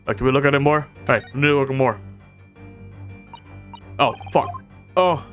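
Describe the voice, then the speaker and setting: A man casually reacting while playing through a story game, excitable and quick to swear. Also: mid-range voice, faint music behind. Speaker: gaming streamer.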